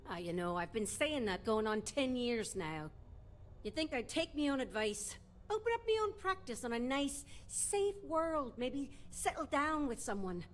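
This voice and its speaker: A woman's voice: high-pitched, very animated, unhurried, a little hiss or hum. A woman voicing a weary female doctor in a video game, with a blunt, exasperated, ranting manner.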